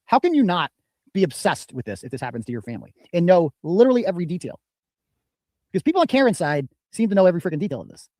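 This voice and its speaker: Man, host, indignant commentary, high voice, dry close sound. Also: big pitch swings, racing, mellow, dry recording. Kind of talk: commentary reading messages.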